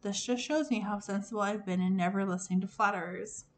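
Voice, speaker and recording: An impatient young prince who is starving and a bit vain, as a woman reader voices him. He comes out slightly lower and softer than her narration, clipped and grumbling in a storybook reading. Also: a little fast, slight background noise, natural voice. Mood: smug.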